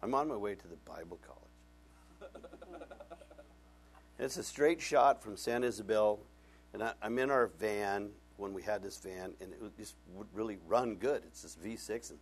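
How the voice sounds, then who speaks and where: A middle-aged male pastor with a lowish voice preaches a sermon at a moderate pace. He tells personal stories, acting out both sides of conversations with self-mocking humor.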